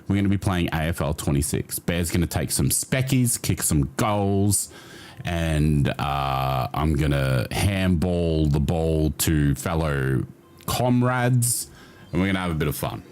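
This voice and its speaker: A man's voice: very deep voice, animated, a little slow, darkish tone. A man with an Australian accent hosting a casual livestream chat, reading his chat aloud, swearing freely and laughing often. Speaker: livestream host.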